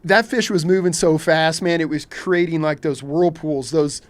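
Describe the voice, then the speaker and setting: A middle-aged man from Kentucky tells a fishing story as a guest on a podcast. He talks in a lively way and acts out his own shouts and thoughts. His voice sits a little high for a man. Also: moderate pace. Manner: animated, acts out his own reactions in quotes. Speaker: guest, shark fishing captain.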